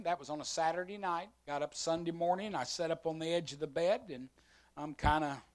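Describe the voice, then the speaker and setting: A middle-aged man, a pastor telling a story in a sermon and acting out both sides of conversations. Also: on the high side.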